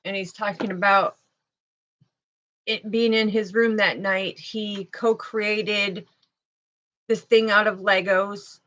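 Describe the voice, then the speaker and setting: Woman intuitive reader, emotional and halting, sadness in her voice, channeling messages. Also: medium pitch, fairly bright tone. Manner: halting, emotional, speaks slowly with pauses. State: tearful, sad voice. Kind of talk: spiritual channeling reading.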